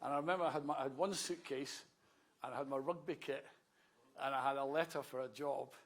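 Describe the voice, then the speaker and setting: Gravelly Scottish man in his sixties. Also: medium pitch, steady tone, brisk. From Scotland. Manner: wry storyteller with self-mocking asides. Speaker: politician addressing a rally. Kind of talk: anecdotal speech.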